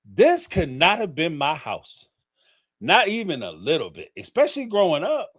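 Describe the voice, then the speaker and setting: Middle-aged male host with a lively, high voice, theatrical and laughing in casual commentary. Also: normal speed, slightly rough. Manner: animated, theatrical, laughing storyteller. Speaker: host of a call-in livestream.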